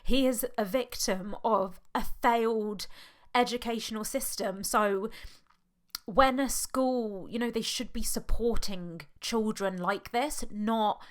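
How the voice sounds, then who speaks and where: A woman's voice: fairly high pitch, takes it slowly. Emotional British woman on the verge of tears. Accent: British English. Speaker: podcast host; hypnotherapist. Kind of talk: personal podcast monologue.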